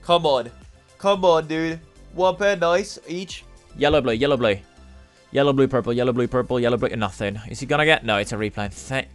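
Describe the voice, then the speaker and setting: A man with a smooth, clear, mid-pitched voice narrates his gameplay in excited, profanity-laced bursts. He cheers loudly on wins and drops into low groans on losses. Soft game music plays underneath. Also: brisk. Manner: hyped, swears a lot, swings from yelling to groaning. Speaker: gaming YouTuber.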